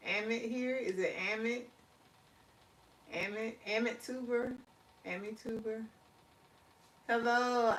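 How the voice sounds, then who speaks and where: Chatty woman, slow and drawn-out. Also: medium pitch, far from the mic. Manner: chatty, laughs often, drawls words slowly; warm encouraging sign-off with spiritual talk. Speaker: livestream host. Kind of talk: casual live-stream chat reading comments.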